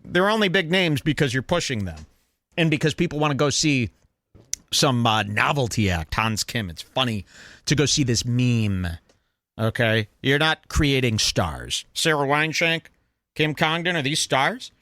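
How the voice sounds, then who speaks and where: Male podcast host, lively sneering commentary, dry close mic. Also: mid-range voice, measured pace, no echo. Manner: mocking, animated, sneering. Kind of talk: casual commentary on clips.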